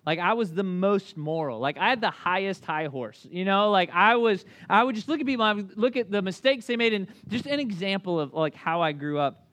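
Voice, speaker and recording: A man's voice: high-pitched, brisk, hardly any pauses. A man in his thirties preaching a sermon in a conversational style, telling stories with lots of "like" and "you know". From American South. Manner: conversational, animated storytelling with many "like" fillers. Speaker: pastor.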